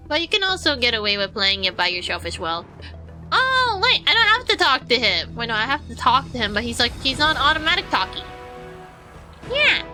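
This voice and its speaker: A woman's voice: sits high, sharp tone. A woman streamer chatting casually and playfully while playing a game, rambling through asides.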